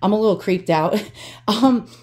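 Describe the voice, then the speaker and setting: A woman's voice: mid-range voice, unhurried, a little mellow. Chatty New York woman showing antiques. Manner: chatty, giggly, theatrical. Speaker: antique collector vlogger. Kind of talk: casual show-and-tell.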